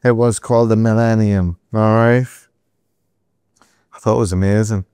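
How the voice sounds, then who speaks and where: A middle-aged man from England, telling animated stories as a guest in a podcast interview, with asides to the host. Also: fairly low pitch, normal speed, smooth, dry recording, clean studio sound. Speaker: entrepreneur guest.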